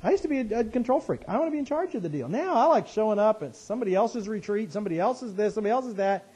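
A man telling a personal story in a conversational sermon, animated and self-deprecating, his voice jumping up high when he gets excited. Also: very fast, slightly rough. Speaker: speaker, Christian teacher. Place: West Coast of the US.

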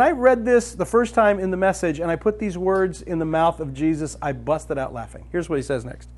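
A man preaching a sermon, telling stories in a lively way and often laughing as he talks. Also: high voice, fairly quick, hardly any pauses. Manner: animated storytelling, often breaks into laughter.

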